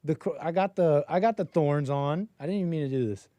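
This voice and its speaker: A man's voice: fairly high pitch, fairly quick, mellow, no room sound. A man hosting a live-stream call-in show, talking in a rambling, joking, loose way. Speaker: host.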